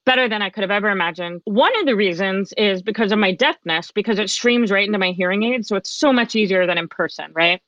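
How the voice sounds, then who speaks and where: A woman's voice: medium pitch, quick pace, few pauses, fairly bright tone. A woman speaking as a podcast guest, telling her own story in a candid, chatty way. She acts out the lines she quotes. Her voice sounds a little dull and dry, with no room echo. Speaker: podcast guest, author and coach. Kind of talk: personal storytelling in a conversation.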